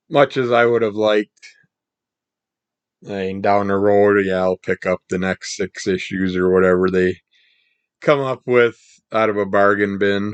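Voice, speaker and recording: A man reviewing comic books in a casual, rambling monologue, his voice scratchy from the morning and his throat needing clearing. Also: low voice, no echo. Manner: rambling, relaxed, trails off mid-sentence.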